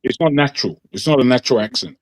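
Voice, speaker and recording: A man co-hosting a casual chat, talking in a halting way with fillers as he thinks aloud. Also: mid-range voice, expressive. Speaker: co-host.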